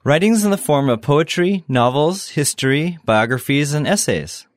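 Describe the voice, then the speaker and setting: Male lesson host, lively intonation, dry close studio sound. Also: on the high side, moderate pace, no room sound. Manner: explains and prompts vocabulary. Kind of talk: scripted lesson presentation.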